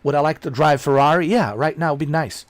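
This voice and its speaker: A streamer chatting casually, ranting in a rambling, blunt and profane way and repeating himself. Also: male voice, fairly high pitch, fast talker, dry recording.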